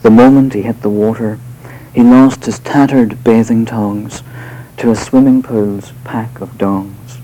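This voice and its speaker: A man reads poetry to a live audience, taking each line slowly and deliberately. His tone is soft and mellow rather than bright, and his asides between poems are hesitant. Faint room ambience sits behind his voice. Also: fairly low pitch, fairly even intonation, slight background noise, rough recording. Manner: measured, unhurried verse delivery with hesitant asides. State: voice slightly off tonight. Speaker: poet giving a reading. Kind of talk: poetry reading with spoken asides.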